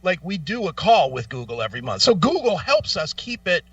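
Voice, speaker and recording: Middle-aged male co-host, bright lively voice, cursing storyteller, dull off-mic studio sound. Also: sits high, brisk, no room sound, distant mic. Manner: profane, animated, laughs through stories. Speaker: radio show co-host. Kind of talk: casual on-air storytelling. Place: radio studio.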